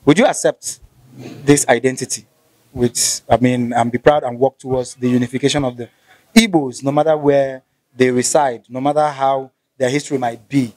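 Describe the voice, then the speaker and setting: Nigerian male interviewer, polite and measured, mid pitch. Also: fairly even intonation, a little mellow, no room sound. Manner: polite, measured, stumbles when improvising. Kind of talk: casual interview questions.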